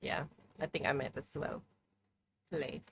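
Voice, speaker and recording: A woman's voice: deep voice, steady tone, unhurried, creaky, a bit bright, a little hiss or hum. A young woman chatting casually on a live stream, playful and mock-dramatic, swearing freely, from a room at home with a heater running. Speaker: livestreamer.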